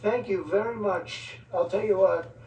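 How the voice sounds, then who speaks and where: A man speaks off the cuff to a room of visiting leaders, wandering from one point to the next with joking asides. His voice is gravelly with a slightly raised pitch. It is picked up from a distance in an echoing hall, with faint noise underneath. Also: unhurried, a little mellow. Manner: rambling, ad-libbed, joking asides. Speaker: politician addressing foreign leaders. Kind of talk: off-the-cuff speech. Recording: echoey, distant mic, faint background noise.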